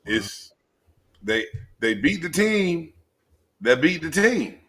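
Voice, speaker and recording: A man co-hosting a casual sports talk show, excitable and prone to shouting when worked up. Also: on the high side, slow pace, noisy background. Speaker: co-host.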